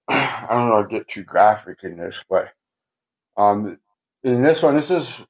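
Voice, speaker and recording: This podcast guest has a lowish, slightly rough voice with lively intonation, and he takes his time; the sound is lo-fi. He tells stories in a rambling, casual interview, cursing constantly and often ending lines with "right?".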